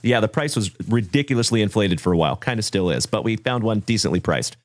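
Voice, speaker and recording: A man's voice: on the low side, lively intonation, quick pace. A man hosting a sports card livestream, chatting casually and greeting viewers by name in a folksy, upbeat way. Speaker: card break livestream host.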